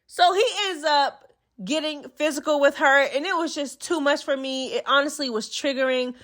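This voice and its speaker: A woman hosting a casual reality TV recap vlog, sassy and expressive, full of slang and talking straight to her viewers. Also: sits high, normal speed. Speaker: host of a reality TV recap channel.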